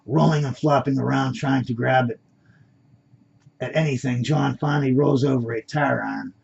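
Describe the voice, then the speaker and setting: A man reads his own draft story aloud, unpolished and correcting his slips. His voice is gravelly and husky. The recording sounds dull and lo-fi. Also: medium pitch, fairly even intonation, moderate pace, darkish tone. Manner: unpolished reading with self-corrections. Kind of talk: amateur story reading.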